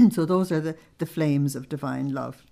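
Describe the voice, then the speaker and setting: A woman giving a spiritual lesson to a small group, explaining slowly and using plain everyday examples. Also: low voice, creaky, warm tone. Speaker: religious teacher.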